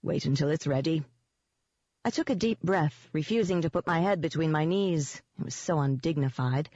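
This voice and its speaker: An audiobook narrator reading a first-person novel in a steady, measured way. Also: mid-range voice, no echo. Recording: dull, dry lo-fi audio.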